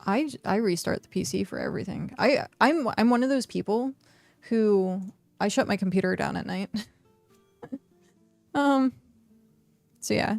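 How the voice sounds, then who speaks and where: Chatty streamer woman with gravelly fry. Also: medium pitch, unhurried, pauses often, darkish tone, no echo, faint music behind. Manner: chatty, reads chat questions aloud, frequent fillers. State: hiccuping. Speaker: game streamer. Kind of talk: casual live-stream chat.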